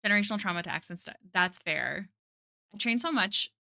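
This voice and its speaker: A woman's voice: medium pitch, lively intonation, brisk, vocal fry, bright, forceful tone. A woman streaming her drawing live, chatting casually and answering her chat with lots of "like" fillers. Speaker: art streamer.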